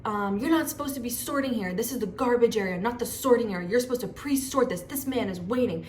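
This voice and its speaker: A woman's voice: a little high, fast, darkish tone, a little hiss or hum, natural voice. A woman voicing a bossy old man of about eighty who scolds a neighbour. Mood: scolding.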